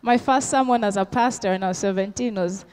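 A woman's voice: medium pitch, a little fast, a little mellow, clear, resonant tone. A middle-aged woman pastor, preaching a sermon with call-and-response questions and Swahili phrases mixed in.

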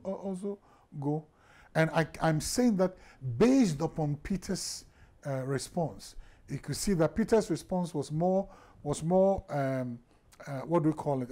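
Male pastor, conversational sermon delivery with restarts, warm and slightly high-pitched. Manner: conversational preaching with many restarts and stammers.

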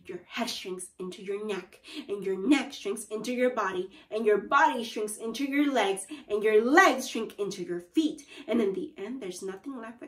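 A woman voicing a mean old husband who teases his wife loudly and with mock solemnity. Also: mid-range voice, reverberant, recorded from a distance, close to an everyday voice. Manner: loud, teasing, mock-solemn.

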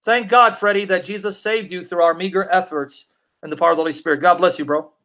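Sitting high in pitch, his voice is steady and sharp while he hosts a live Bible Q&A, reading scripture in a slow, deliberate rhythm. He replies to viewer comments and drives his points home, emphatically repeating questions.

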